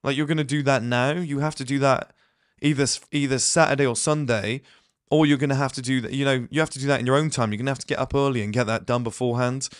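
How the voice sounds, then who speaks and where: He has a medium-pitched voice with fairly even intonation, captured in studio quality without echo. Claiming to be ill, the host gives his viewers a blunt motivational monologue, dropping in fast asides and performing small quotes.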